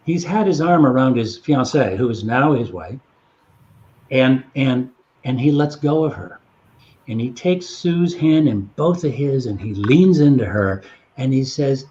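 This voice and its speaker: A man's voice: on the high side, lively intonation, unhurried, darkish tone, highs cut off, slight background noise. A man telling long anecdotes in a casual chat. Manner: rambling anecdotal storytelling. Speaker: guest storyteller.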